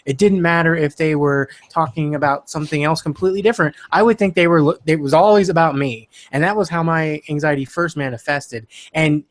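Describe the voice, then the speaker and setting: A man's voice: on the high side, brisk, few pauses. A man speaking as a podcast guest, earnest and reflective in casual conversation.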